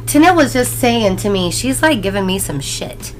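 Laughing, rambling mom co-hosting a podcast. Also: female voice, mid-range voice, animated, moderate pace, a little hiss or hum, rough recording. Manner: laughs often, swears casually, rambling. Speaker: podcast co-host. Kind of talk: casual chat.

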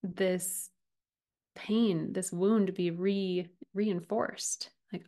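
A woman in her thirties hosting a podcast, talking earnestly and from the heart about relationships, often with a soft laugh. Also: medium pitch, fairly even intonation, slow. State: getting emotional. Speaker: podcast host and relationship coach. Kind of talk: personal podcast monologue.

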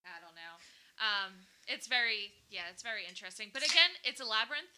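A woman's voice: fairly high pitch, lively intonation, fast, a crowd in the background. A woman hosting a podcast, playful and giggly, echoing her guests' lines. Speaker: podcast host. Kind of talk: casual podcast chat.

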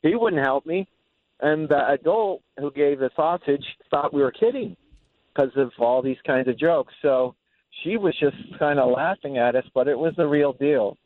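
A man's voice: a little high, moderate pace, no room sound. A man calling in to a radio show, telling a story about himself in a matter-of-fact way. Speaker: caller. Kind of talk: phone-in storytelling. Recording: tinny phone line.

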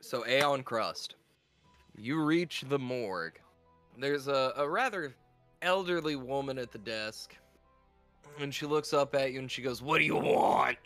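A man narrating as game master of a tabletop role-playing game, in an animated, playful way. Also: medium pitch, a little slow, pauses often, no room sound, faint music behind.

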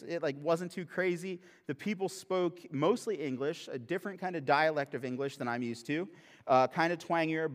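Guy pastor giving a sermon, jokey and casual then earnest, voice a bit high, big hall reverb behind him. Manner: humorous, conversational, then earnest. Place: church sanctuary. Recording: long reverb of a large hall.

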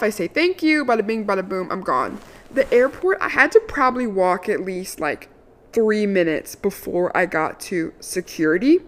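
A young woman from the Washington, D.C. area telling a casual, animated story, full of "like" fillers and the odd swear word. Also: on the high side. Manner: chatty, animated, lots of "like" fillers, occasional swearing. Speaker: vlogger.

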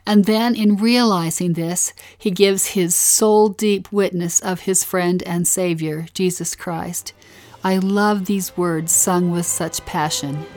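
A woman's voice: fairly low pitch, steady tone, takes it slowly, darkish tone, soft background music. A woman co-hosting a devotional podcast, talking in an earnest, heartfelt way. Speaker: co-host.

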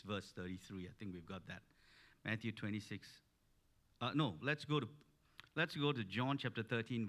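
A man's voice: fairly low pitch, a bit bright. A man preaching a sermon, telling a story with many restarts and building to emphatic peaks.

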